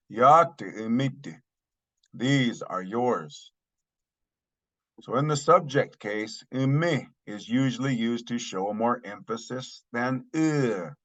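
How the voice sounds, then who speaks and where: A man's voice: mid-range voice, a bit bright. A man teaching a language lesson, saying each phrase twice and then translating it. He speaks with a Northern Paiute accent. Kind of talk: slow recorded language lesson.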